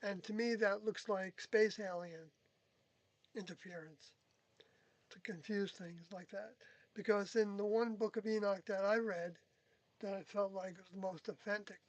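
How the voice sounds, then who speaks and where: Halting, rambling speaker with a dry sound. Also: medium pitch, steady tone, no echo, poor audio. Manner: halting, rambling, with many pauses and self-corrections. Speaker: former group member recounting experiences. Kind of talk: unscripted reflective monologue.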